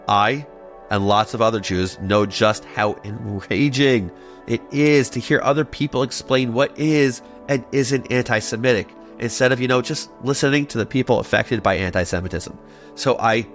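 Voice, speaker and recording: A man narrates a history explainer with a lively, bouncing delivery, his pitch leaping around as he tosses in playful jokes and asides. Soft music runs faintly underneath. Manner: playful, animated, jokey asides. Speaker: podcast host.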